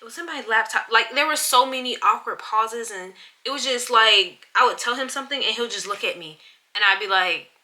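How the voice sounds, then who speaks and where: A woman's voice: fairly high pitch, normal speed, sharp tone. A young adult woman hosting a podcast, telling a story in casual chat and acting out other people's lines with animation. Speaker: podcast host.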